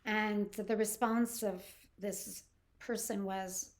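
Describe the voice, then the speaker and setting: A woman's voice: mid-range voice, fairly even intonation, fairly bright tone. An older woman from Canada hosts a personal storytelling podcast. She speaks earnestly and stops often to restart her sentences. Now and then she acts out what other people said. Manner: earnest and halting, with restarts and acted-out quotes. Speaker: podcast host.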